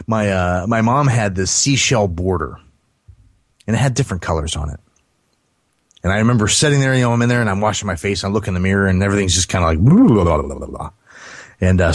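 A man's voice: mid-range voice, no echo. Rambling man telling a story, dry sound. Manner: rambling, many fillers and restarts. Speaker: podcast storyteller. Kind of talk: casual storytelling.

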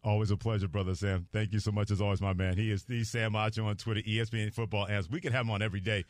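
A man hosting a sports radio show, quickly chiming in with short agreements and thanks to his guest. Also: on the low side, flat delivery, no room sound. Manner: affirming, quick to chime in.

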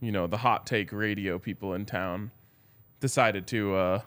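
A man co-hosting a sports podcast, giving animated opinions with quick asides. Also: lowish voice. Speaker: podcast co-host. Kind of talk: casual sports podcast chat.

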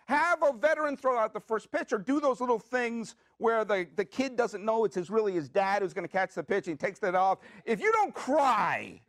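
Guy hosting a podcast, really high voice bouncing all over, jokey ranting, dry close sound. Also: normal speed, hardly any pauses, no room sound. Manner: animated, jokey, with playful rants and self-asked questions. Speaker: podcast host. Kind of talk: comedic monologue. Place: studio.

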